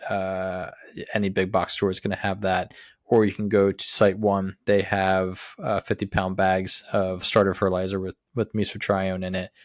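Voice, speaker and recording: A man with a very deep voice and very little pitch movement gives lawn care instructions. He talks in an easy, practical way, dotted with "uh" and "um". The sound is dry and close to the mic. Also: little pitch movement, normal speed, no room sound. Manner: plain how-to explaining with many "uh"s. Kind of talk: casual instructional talk.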